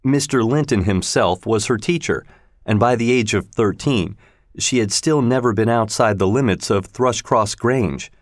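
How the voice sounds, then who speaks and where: Man narrator, measured storybook read, dry close sound. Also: mid-range voice, no echo. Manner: slow, measured reading.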